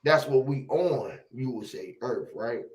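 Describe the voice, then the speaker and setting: A man hosting a casual conversation, telling animated, profane stories and acting out the quotes loudly. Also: mid-range voice, measured pace.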